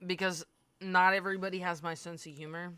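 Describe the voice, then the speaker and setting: A woman's voice: lowish voice, steady tone, fairly quick, a bit bright, clear, resonant tone. A woman in her twenties telling a personal story in a candid, darkly funny way, swearing freely. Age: 20s. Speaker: streamer. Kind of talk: casual storytelling.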